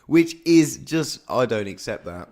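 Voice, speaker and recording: A man's voice: medium pitch, sing-song, measured pace, darkish tone. A young man with a Birmingham accent, co-hosting a casual podcast chat and rambling with many restarts. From Birmingham, England. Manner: rambling, stumbles and restarts often. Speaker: podcast co-host.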